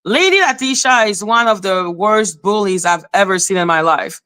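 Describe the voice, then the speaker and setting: A woman's voice: mid-range voice, lively intonation, moderate pace, bright, forceful tone, smooth. A woman hosting a live stream, talking to her chat in a confrontational, scolding way. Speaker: livestream host.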